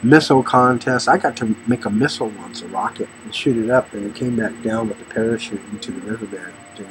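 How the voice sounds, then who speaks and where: A man's voice: fairly quick, background noise. A middle-aged man from the Los Angeles area telling personal stories about faith in a rambling, storytelling way. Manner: storytelling, voices others with sudden high shouts.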